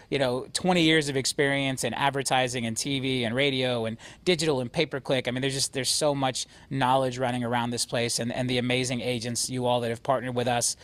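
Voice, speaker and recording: A man leading a company, giving an energetic, emphatic motivational talk to his agents. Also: mid-range voice, no room sound. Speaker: real estate brokerage CEO.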